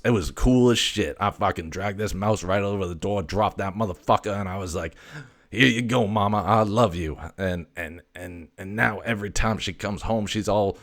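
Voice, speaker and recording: A man's voice: on the low side, gravelly. A man voicing a brash, foul-mouthed male house cat who swaggers, stammers and swears constantly. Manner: swaggering, profane, rambling with stammers.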